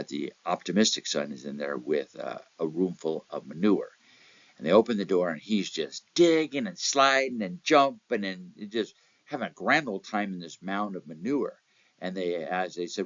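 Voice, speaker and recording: A man gives a motivational real estate talk, telling anecdotes, doing little voices within them, and checking in with "okay?" His voice sits low, and the recording is dry and muffled.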